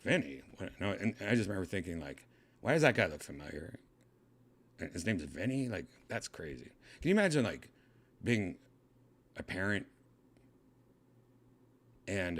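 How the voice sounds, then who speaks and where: A man telling a casual story as host of his own show, rambling, correcting himself, and jumping up into high voices to mimic people. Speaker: podcast host.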